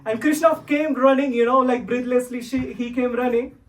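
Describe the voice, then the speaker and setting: Hombre de voz muy aguda, sermón narrado, pregunta a menudo a los oyentes, micrófono lejano. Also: male voice, extremely high pitch, steady tone, normal speed, recorded from a distance, poor audio. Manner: repeats "right?" to the listeners, sings verses for them to repeat. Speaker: religious teacher. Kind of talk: devotional storytelling sermon.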